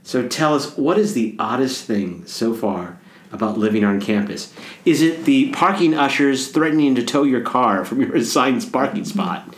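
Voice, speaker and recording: Joking priest hosting a casual chat. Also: male voice, medium pitch, moderate pace, reverberant. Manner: joking, playful, rambling. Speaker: priest and podcast co-host.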